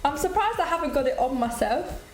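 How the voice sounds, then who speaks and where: A young British woman from the UK chatting casually on a cooking live stream, animated and laughing often as she eats and answers viewers. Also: high voice, brisk. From United Kingdom. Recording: echoey room with faint music behind.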